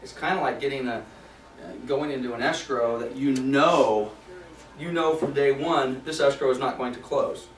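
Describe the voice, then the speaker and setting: A man's voice: mid-range voice, fairly even intonation, normal speed, far from the mic. A man presenting a property management training class in a casual, conversational way, often checking in with "okay?". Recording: roomy sound from off mic.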